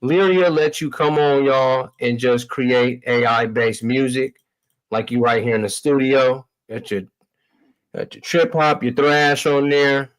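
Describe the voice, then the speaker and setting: In an unhurried, steady, medium-pitched voice, a man runs a livestream of tech demos. He keeps things loose and slangy, talking to viewers as y'all, and the recording is rough.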